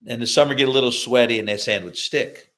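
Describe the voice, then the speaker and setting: An older man from upstate New York, an author telling lively childhood anecdotes in a podcast interview. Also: medium pitch, fast. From upstate New York, USA. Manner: lively anecdotes, acts out quoted voices, laughs through punchlines. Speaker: author and guest.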